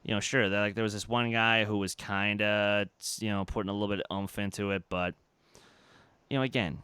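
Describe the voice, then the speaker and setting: A young man co-hosting a podcast, telling a story in casual chat, animated and full of fillers and restarts. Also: fairly low pitch, a little fast, clear, resonant tone, no room sound. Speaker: podcast co-host.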